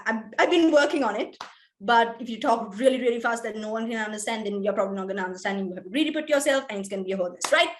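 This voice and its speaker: A young adult woman giving a casual, chatty talk on public speaking, quick and full of fillers. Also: on the high side. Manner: chatty and quick, many fillers, tags "right?". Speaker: workshop speaker.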